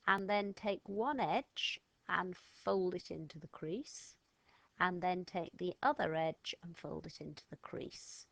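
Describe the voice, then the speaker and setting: A woman's voice: fairly low pitch, a little slow, creaky, fairly bright tone, no echo. A woman teaching a step-by-step lesson to children, patient and encouraging as she gives instructions. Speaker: French teacher.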